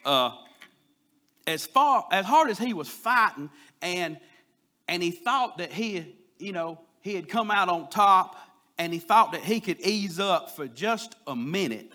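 A man preaching a sermon, telling a folksy story and pushing louder on his key points. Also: sits high, animated, a little slow.

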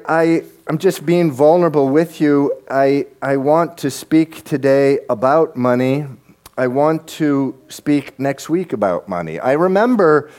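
An earnest middle-aged man delivers a sermon to his congregation. His pitch sits in the middle range, and he often restarts sentences by repeating a word before pressing on. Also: darkish tone. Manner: earnest, halting, repeats words when starting sentences. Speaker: pastor.

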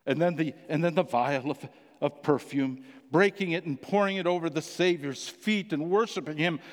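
A man preaching a sermon, telling the story with passion, his voice swelling loud and then sinking almost to a whisper. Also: a little high, normal speed, big-room sound.

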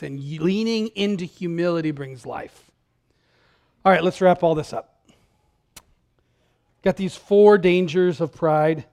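A man, a pastor, giving a sermon in a conversational style, talking straight to the congregation and swinging from loud emphatic calls to hushed, tender lines. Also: on the high side. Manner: conversational, direct address to congregation.

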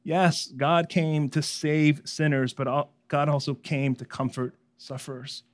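A man preaching a sermon, emphatic and rhythmic, building lists of phrases and swinging from loud, high passages to hushed ones. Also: little pitch movement, a little slow.

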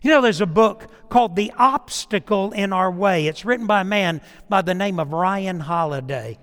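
Preaching a sermon, this middle-aged pastor speaks in a high, clean, fairly bright voice, animated but at a normal speed. He alternates storytelling, performing each character's lines, with direct address, and the sanctuary gives his words a long echo.

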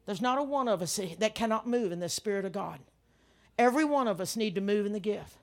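An older woman preaching a sermon, telling stories with animated emphasis and frequent laughs. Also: mid-range voice, quick pace. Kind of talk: sermon with storytelling.

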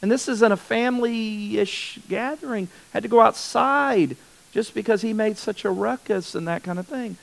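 A man's voice: high voice, normal speed, vocal fry, low-quality recording. A man teaching a Bible study in a conversational way, often repeating words for emphasis and restarting his sentences.

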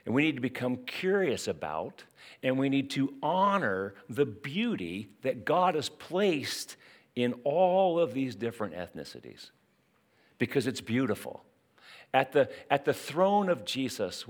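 Animated, conversational man preaching. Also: mid-range voice, measured pace. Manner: animated, conversational preaching with rhetorical questions and asides. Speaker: pastor. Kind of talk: sermon.

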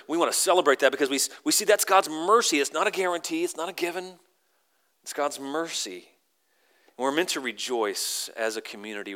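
A male pastor delivers an animated sermon, breaking into sudden high voices to act out the crowd's lines.

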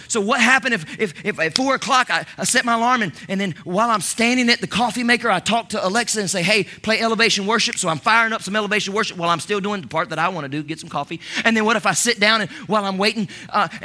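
High bright preacher man, husky. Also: fast talker, few pauses. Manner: lively preaching with many restarts and repeated words. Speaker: pastor. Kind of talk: sermon.

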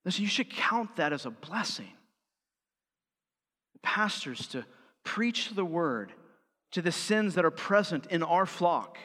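A man's voice: sits high, very animated, slow pace, pauses often. A man preaching a sermon as pastor, driving his points home with firm stresses. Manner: emphatic, rising to forceful stresses. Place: church sanctuary. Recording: church hall with long reverb.

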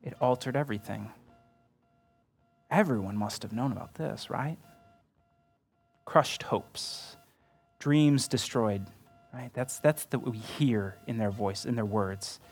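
A male pastor delivering a sermon in an earnest, conversational way, with a voice of ordinary middle pitch. He keeps checking in with his listeners as he talks, and soft music plays faintly behind him. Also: takes it slowly, long pauses, husky. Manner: earnest and conversational, often asks the listener "right?".

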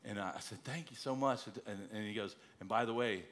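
A middle-aged male preacher with a bright, forceful voice tells a story from his own life in an earnest way. He builds to emphatic exhortation, urging his listeners to pray. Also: fairly low pitch, brisk, a little hiss or hum. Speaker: missionary preacher. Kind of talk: sermon with personal story.

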